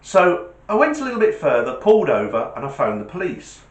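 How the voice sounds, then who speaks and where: A middle-aged man telling a comic anecdote in an animated, self-mocking way. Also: a little high, a little fast, lo-fi sound. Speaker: storyteller, test driver. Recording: roomy echo.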